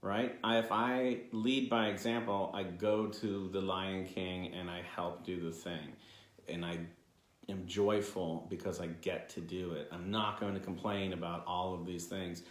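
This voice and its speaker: A man's voice: low voice, fairly even intonation, measured pace, reverberant. A man co-hosting a podcast, talking earnestly and motivationally with jokes mixed in. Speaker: podcast co-host. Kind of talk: casual conversation.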